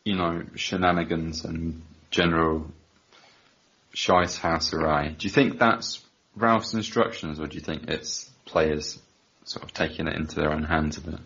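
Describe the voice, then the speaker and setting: An English man co-hosting a football podcast, excitable, swearing and laughing in casual chat. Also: rumbling low, measured pace, husky. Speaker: podcast co-host. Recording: dull lo-fi audio.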